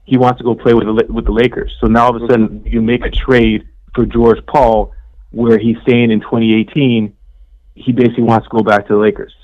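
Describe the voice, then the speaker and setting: Excitable man chatting about sports. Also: mid-range voice, a little fast, muffled recording. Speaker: co-host. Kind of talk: casual sports talk chat.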